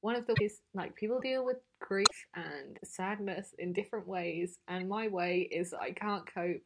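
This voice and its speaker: A woman co-hosting a true-crime podcast, with a dry, deadpan and sarcastic way of talking. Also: medium pitch, normal speed, background noise. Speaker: podcast co-host.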